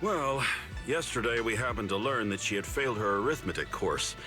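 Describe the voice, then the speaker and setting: An actor playing a confident, persuasive senior disciple in a game. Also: male voice, medium pitch, expressive, a little fast, music in the background, natural voice. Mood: assured. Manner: assured, persuasive. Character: confident senior male disciple, shrewd planner. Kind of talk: game voice acting.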